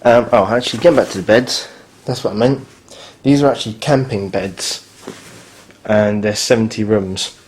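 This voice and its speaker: A man's voice: on the low side, normal speed. A man, filming a casual spoken review of his hotel room and grumbling bluntly about its faults.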